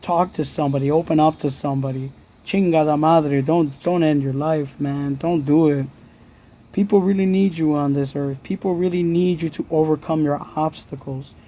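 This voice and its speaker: A man's voice: on the high side, steady tone, moderate pace, warm tone, slight background noise. A man hosting a live stream from his phone, giving blunt, earnest pep talk to his viewers and swearing freely. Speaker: livestream host. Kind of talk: casual motivational livestream talk.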